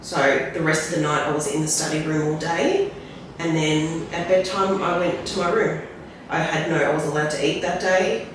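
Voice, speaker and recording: A woman's voice: low-pitched, fairly even intonation. Female guest, frank storyteller with restarts and tag questions; recorded off-mic in a reverberant room. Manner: rambling, tag questions like "right?"; halting, restarts when emotional. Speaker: podcast guest. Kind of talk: candid personal storytelling. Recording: very echoey room, distant mic, faint noise.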